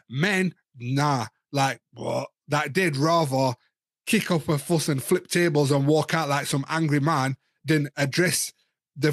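A man's voice: fairly high pitch, no room sound, studio quality. A man in his thirties or forties, a guest in casual candid chat, talking frankly and rambling, often repeating words as he thinks.

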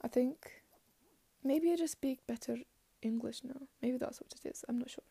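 A young woman in her late teens hosting a solo podcast. She rambles in a put-on Scottish accent, is hard on herself, and often trails off into soft murmurs. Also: sits high, moderate pace, creaky, husky, dry recording. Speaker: podcast host.

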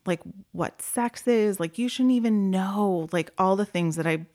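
A woman speaking in a casual podcast chat, telling an emotional story and slowing down, going soft at the heavy moments. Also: mid-range voice. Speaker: former group home worker.

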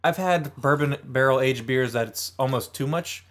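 A man's voice: medium pitch, normal speed, fairly bright tone. A man co-hosting a casual beer tasting, joking and describing flavors. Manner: easygoing, jokey, descriptive. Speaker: co-host of a beer tasting show.

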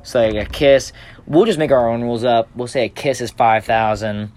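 A man's voice: mid-range voice, normal speed, a little mellow. A young man hosting a podcast in casual chat, rambling with fillers and restarts. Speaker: podcast host. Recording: faint background hiss.

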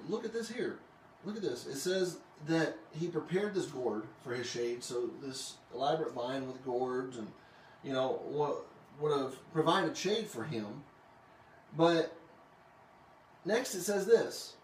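A man hosting a casual Bible study, reading scripture aloud and joking about it in an animated way. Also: on the high side, slow pace, long pauses, a little hiss or hum. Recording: roomy, distant mic with faint ambience.

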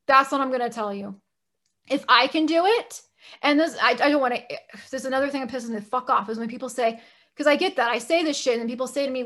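A woman's voice: high voice, sharp tone. A woman co-hosting a podcast in casual chat, talking bluntly and emphatically, with plenty of swearing. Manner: blunt, profane, emphatic ranting. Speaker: podcast co-host.

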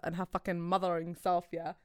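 A young woman, co-hosting a casual podcast chat and telling a story with loud excited outbursts. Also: on the low side, fairly quick, smooth, no echo, clean studio sound. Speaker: podcast co-host.

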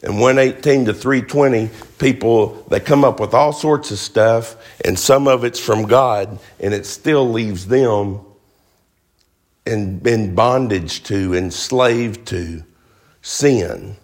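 A man's voice: fairly low pitch, slow. A man preaching a sermon, emphatic, firing rhetorical questions at the congregation.

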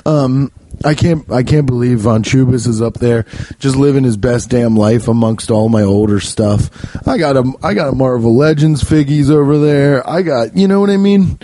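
A man hosting a podcast, telling a comic story in a rambling, profane, animated way. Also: normal speed, no echo. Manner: rambling, profane, animated, often jumping high. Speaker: podcast host. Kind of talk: comedic storytelling.

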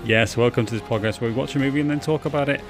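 A man's voice: mid-range voice, racing, over music. A man co-hosting a casual movie podcast, joking and teasing his co-host and laughing often. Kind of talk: casual chat.

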